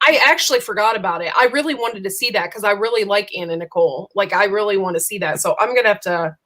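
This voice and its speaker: A woman chatting on a live stream, loose and rambling, tossing in "you know" and "like" as she goes. Her voice sits in an ordinary middle pitch. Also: quick pace, fairly bright tone. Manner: chatty, rambling, lots of fillers and 'you know'. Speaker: host of a live chat. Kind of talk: casual live-stream chat.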